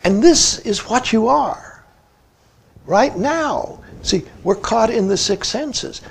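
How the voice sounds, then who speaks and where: Older man, Zen teacher, very high gravelly voice, slow and lively, keeps saying "see". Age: 70s. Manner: peppers speech with "see", asks listeners questions. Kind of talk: dharma talk.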